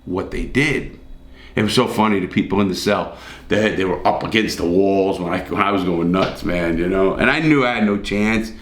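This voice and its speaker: A man's voice: deep voice, normal speed, roomy sound. An older man, an ex-prisoner, telling his story straight to camera in a blunt, intense way and swearing constantly.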